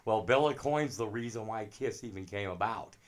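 Middle-aged male drummer, low-ish voice, animated casual storyteller. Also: moderate pace. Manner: animated anecdotes with laughs. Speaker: drummer guest.

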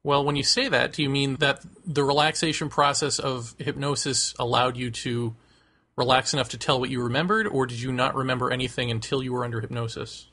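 A man's voice: medium pitch, fairly even intonation, brisk, sharp tone. A man interviewing a guest on radio, asking probing follow-up questions.

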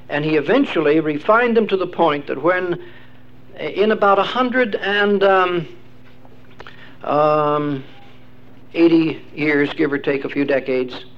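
A man's voice: a little high, creaky. An older man teaching a class in a rambling lecture, quizzing his listeners with questions and many fillers. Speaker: religious teacher. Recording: dull lo-fi recording with faint hiss.

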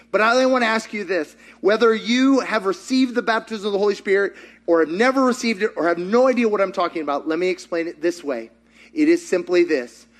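High-voiced man preaching fervently. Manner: storytelling, then fervent ringing prayer. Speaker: pastor. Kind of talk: sermon and prayer.

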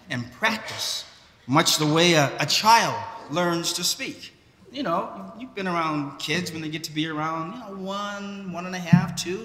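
Slow-preaching man in an echoey church. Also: on the high side, sharp tone. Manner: slow, measured preaching with occasional restarts. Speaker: priest. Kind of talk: sermon. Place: large church.

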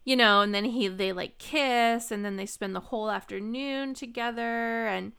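Bright-voiced chatty woman podcast host. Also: fairly high pitch, normal speed, vocal fry, smooth. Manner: chatty, filler-heavy, jokey. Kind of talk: casual film discussion.

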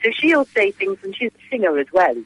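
A woman's voice: mid-range voice, very animated, a little fast, fairly bright tone, breathy edge, poor audio. An Englishwoman chatting on the radio by mobile phone from outdoors, rambling through anecdotes and laughing often. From England. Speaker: phone-in guest. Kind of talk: casual radio chat. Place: outdoors outside a coffee shop.

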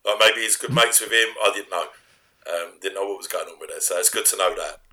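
Man, rambling casual recap, low pitch, bright edgy timbre. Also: quick pace. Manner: rambling recap, drops to a mumble. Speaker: co-host. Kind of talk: casual chat.

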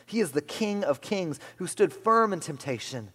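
A man preaching a sermon as pastor, swinging from loud emphatic lines to hushed whispers. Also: on the high side, big pitch swings, normal speed, hardly any pauses. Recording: long hall reverb.

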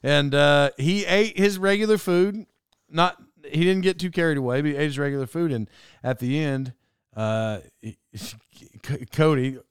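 A young man telling a casual story, talking fast and animatedly, cutting himself off and drifting into side notes. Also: on the high side, smooth, dry recording, studio quality. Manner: animated, self-interrupting. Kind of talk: casual anecdote monologue.

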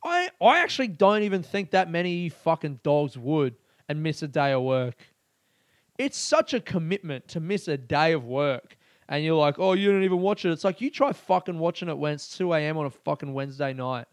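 A young Australian man with an Australian accent hosting a podcast, ranting excitably, swearing a lot and laughing often. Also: on the high side, moderate pace, no echo, clean studio sound. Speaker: podcast host. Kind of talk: casual podcast rant.

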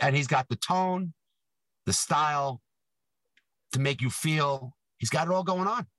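A man's voice: mid-range voice, fairly bright tone, no echo, low-quality recording. A man co-hosting a podcast in casual chat, teasing and rambling while talking from his car. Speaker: podcast co-host.

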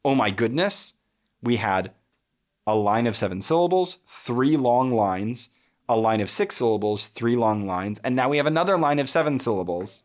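A man giving a lecture on poetry, thoughtful, with frequent filler pauses, reading verse aloud. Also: mid-range voice, expressive. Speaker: literature lecturer.

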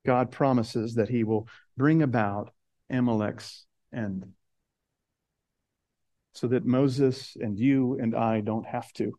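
A man preaching a sermon, earnest, slowing and dropping soft on key words, then rising as he builds. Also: fairly even intonation, dry recording. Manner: earnest, rises in pitch and intensity as he builds. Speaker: pastor.

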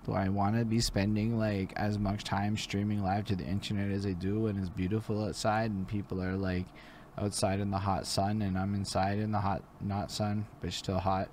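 A man hosting a casual interview, talking loosely with lots of swearing and rising excitedly at times. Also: fairly low pitch, normal speed, slight background noise. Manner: loose and profane, voice rises when animated. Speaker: host and interviewer. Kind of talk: casual podcast chat.

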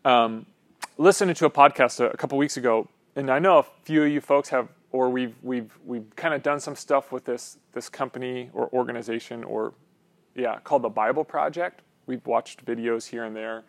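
A man's voice: medium pitch, moderate pace. A man preaching a conversational sermon as pastor, loose and rambling, often checking in with his listeners. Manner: casual, rambling, frequent "um" and "right?".

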